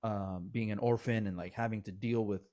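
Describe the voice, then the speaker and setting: A man hosting a casual podcast, a comedian telling animated stories with lots of fillers and laughs. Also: on the low side, moderate pace.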